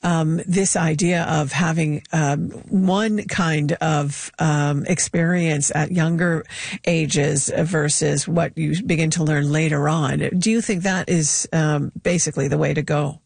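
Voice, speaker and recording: A woman hosting a call-in radio show, asking measured questions with some fillers. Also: sits low, steady tone, creaky, a little mellow, breathy edge, dry recording.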